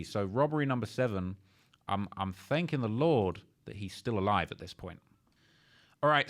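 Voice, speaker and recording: A young man talks in a casual reaction style. He sounds incredulous and uses a lot of slang, as if speaking between clips. His pitch sits in a plain middle register for a man. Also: a bit bright. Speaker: reaction channel host.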